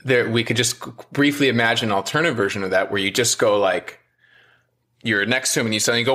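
A man's voice: medium pitch, fast, sharp tone. A man hosting a podcast who chats candidly and casually, peppering his talk with "like" and murmuring mm as he listens. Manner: casual, filler-heavy, many likes, frequent mm backchannels. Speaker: podcast host. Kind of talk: candid conversational chat.

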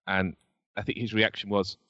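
A man sharing relaxed football anecdotes on a podcast, with a few hesitations. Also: lowish voice, moderate pace, highs cut off. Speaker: podcast co-host. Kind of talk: casual football chat.

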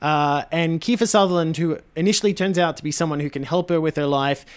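A man, a filmmaker guest on a podcast, chatting casually in a halting, profane way with frequent restarts. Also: fairly high pitch, smooth.

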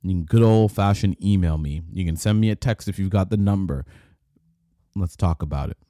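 Low, dark-voiced male podcast host. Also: moderate pace, no echo, clean studio sound. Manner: rambling and conversational, with frequent restarts and repeated words. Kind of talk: casual solo podcast talk.

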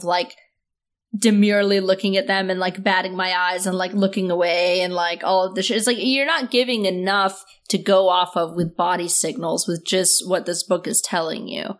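A woman hosting a podcast in casual chat, sarcastic and laughing often. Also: on the low side. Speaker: podcast host.

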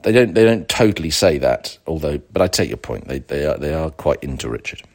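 A man with a very low voice hosts a casual solo podcast. He rambles through digressions with a dry, sarcastic edge, full of fillers and restarts. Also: big pitch swings, fairly quick. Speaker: podcast host.

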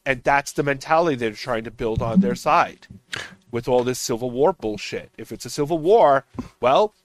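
A man's voice: medium pitch, moderate pace. A man on a political podcast panel, ranting emphatically and swearing as he argues. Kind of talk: heated political roundtable talk.

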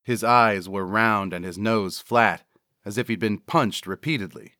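A man reading a horror story in a measured narrating style. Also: lowish voice, bright, forceful tone, no room sound, studio quality.

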